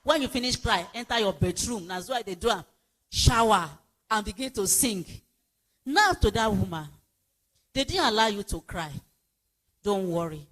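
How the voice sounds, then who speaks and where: A woman's voice: mid-range voice, lively intonation, moderate pace, pauses often, a bit bright. Emphatic woman preaching, reverberant hall. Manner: emphatic, repeats exhortations. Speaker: pastor and speaker. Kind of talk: sermon-like counselling talk.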